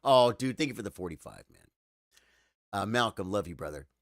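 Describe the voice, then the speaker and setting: A man chatting live with his viewers, tired and choked up, halting and repeating words as he talks. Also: on the low side, animated, no room sound, studio quality. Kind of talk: casual live-stream chat.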